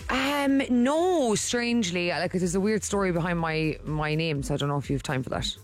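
A woman co-hosting a morning radio show tells a rambling story in casual chat, restarting often. Her fairly low, expressive voice comes at a moderate pace through a studio microphone in a radio studio, with soft music in the background.

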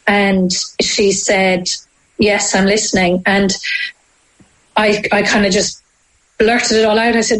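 A woman with an Irish accent, telling a deeply personal story as an interview guest, halting and emotional with frequent restarts. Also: little pitch movement, low-quality recording. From Ireland.

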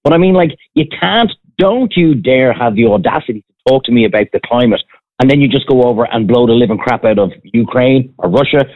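A man's voice: medium pitch, expressive, brisk. An Irish man in casual chat, ranting bluntly and with some profanity. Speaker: podcast guest, former restaurant owner. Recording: tinny phone-like sound.

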